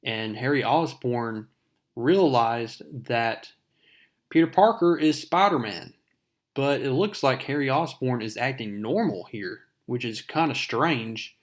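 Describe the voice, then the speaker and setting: A man's voice: mid-range voice, unhurried. A man casually recapping a comic book, speaking with fillers and calling his viewers folks.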